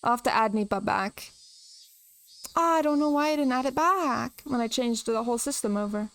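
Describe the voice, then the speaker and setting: A woman's voice: a little high, expressive, moderate pace, background noise. A young woman streamer chatting casually and emotionally while reading a visual novel aloud, rambling with lots of "like".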